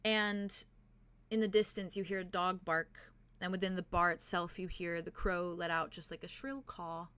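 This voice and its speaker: Young woman, game master, lowish voice, descriptive, lots of fillers. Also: flat delivery, moderate pace, a bit bright, smooth. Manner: descriptive, with frequent "like" and "um". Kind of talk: narrating a tabletop game.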